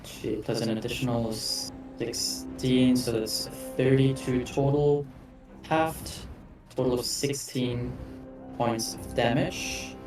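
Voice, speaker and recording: Casual game master, echoey distant mic. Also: male voice, medium pitch, fairly even intonation, takes it slowly. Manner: casual, self-correcting, apologetic asides. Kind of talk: narrating a tabletop game. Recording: echoey room with faint background music, mic at a distance.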